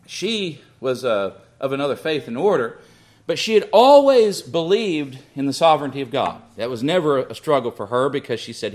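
A man's voice: mid-range voice, sing-song, normal speed, a little mellow. A middle-aged man preaching a sermon, building emphasis and acting out quoted prayers.

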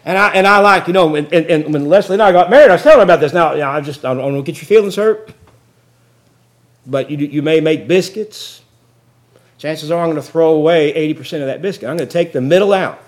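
A man preaching a sermon in a folksy, joking storytelling way that builds into loud excitement. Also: fairly high pitch, fairly quick, pauses often. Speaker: pastor.

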